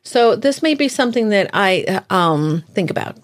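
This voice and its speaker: A woman co-hosting a casual chat, telling stories in a lively way, laughing often and acting out what she said. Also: medium pitch, moderate pace. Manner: animated, laughs often, acts out her own lines. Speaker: podcast co-host.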